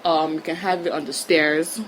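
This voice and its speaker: A woman from Nigeria giving a casual solo podcast monologue. She rambles, giggles, corrects herself often and sometimes drops to hushed tones. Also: deep voice, fairly even intonation, moderate pace, a little hiss or hum, rough recording.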